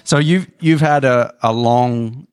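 A man hosting an interview, asking steady, measured questions and adding short backchannels. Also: mid-range voice, clear, resonant tone, dry recording, studio quality.

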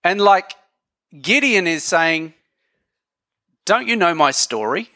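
Bright-voiced man preaching a sermon. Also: high-pitched, animated, slow, dry recording, studio quality. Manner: conversational, jokey preaching with audience asides.

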